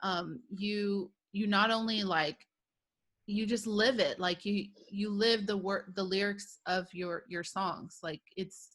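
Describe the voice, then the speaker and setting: A woman hosting a podcast, with a voice of middling pitch. She speaks to her guest in an effusive, encouraging way, keeping the chat casual. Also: fairly even intonation, slow pace, fairly bright tone. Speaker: podcast host.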